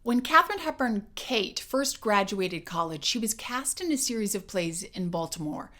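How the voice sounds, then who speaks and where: A woman voice coach giving a scripted educational narration in a clear, measured and emphatic way. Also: mid-range voice, expressive, bright, forceful tone.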